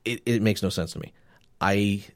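A man's voice: fairly low pitch, normal speed, dry recording, clean studio sound. A man co-hosting a casual podcast, rambling and joking with plenty of restarts and fillers, with a Northeastern Pennsylvania accent. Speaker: podcast co-host. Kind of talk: casual chat.

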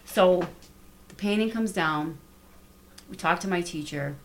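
A middle-aged woman telling a personal story in casual conversation, animated and acting out the dialogue. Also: fairly low pitch, unhurried, slight background noise. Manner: animated, repeats words, quotes people in dialogue. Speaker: guest artist.

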